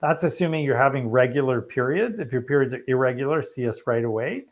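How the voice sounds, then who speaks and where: A man's voice: medium pitch, fast. A man who is a fertility specialist, answering viewer questions in a casual, joking live stream and reading study titles aloud.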